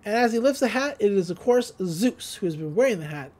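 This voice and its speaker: A woman hosting a podcast, recapping an episode in a casual, rambling way with many fillers and quick laughs. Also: medium pitch, animated, darkish tone. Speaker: podcast host.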